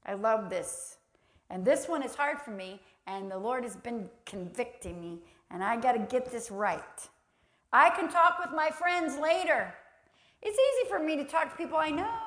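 A woman's voice: on the high side, expressive, moderate pace, fairly bright tone. A woman preaching a sermon who acts out little quoted voices and laughs easily.

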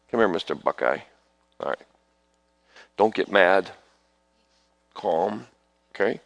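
Male preacher, gravelly, animated pitch; leads fervent altar prayers, calls families forward, loud bursts. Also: no echo. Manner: calls people forward, prays over them with sudden loud bursts. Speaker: preacher leading prayer ministry.

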